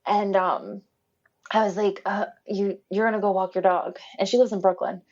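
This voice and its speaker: A woman telling her own story casually on a podcast, animated, acting out what people said with lively voice changes and frequent laughs. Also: mid-range voice, normal speed, highs cut off.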